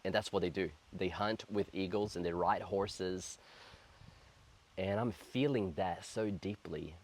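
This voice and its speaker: Low-voiced earnest man in his thirties. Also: a little hiss or hum. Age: 30s. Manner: earnest, reflective, slow and heartfelt. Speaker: spiritual coach. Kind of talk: personal spiritual storytelling to camera.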